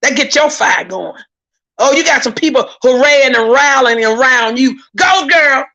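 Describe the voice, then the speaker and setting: This YouTube commentator has a high-sitting voice with a sharp tone, speaking at normal speed. During heated live-stream commentary she's indignant and preachy, repeating her points, stammering when worked up and calling out to her viewers.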